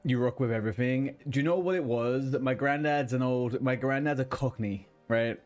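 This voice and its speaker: A man's voice: mid-range voice, moderate pace, darkish tone, soft background music. Chatty British-sounding man streaming a game. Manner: chatty, rambling, swears casually. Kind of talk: casual gaming chat.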